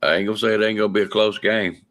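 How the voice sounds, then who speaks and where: Deep, bright-toned host. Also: male voice, fairly even intonation, racing. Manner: easygoing, colloquial. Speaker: podcast host. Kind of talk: casual podcast chat.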